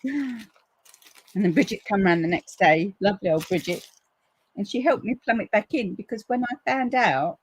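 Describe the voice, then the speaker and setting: A woman hosting a live crafting stream, chatting casually and acting out quotes in a lively way. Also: breathy edge, no room sound, low-quality recording. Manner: chatty storyteller, acts out quotes with big pitch jumps. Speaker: crafting livestream host. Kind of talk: casual chat to live viewers.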